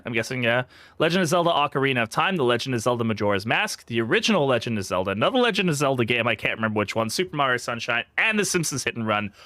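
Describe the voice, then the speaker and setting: A young English-born man streaming a game, chatting casually in a rambling, swearing, animated way. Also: mid-range voice, dry recording, clean studio sound. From England. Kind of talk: casual live-stream chat while gaming.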